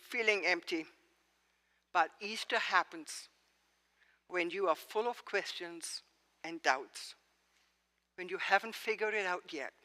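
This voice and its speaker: Slow, bright-voiced woman pastor preaching. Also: mid-range voice. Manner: slow, expressive preaching with rhetorical questions. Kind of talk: sermon. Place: church sanctuary. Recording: long church reverb.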